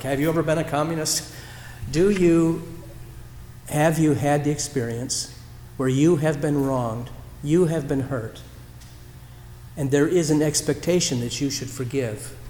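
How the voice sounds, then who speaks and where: A man preaching a sermon as a pastor, telling a story in a reflective way with pauses and restarts. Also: medium pitch, darkish tone, slight background noise. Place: church sanctuary. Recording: roomy church hall echo.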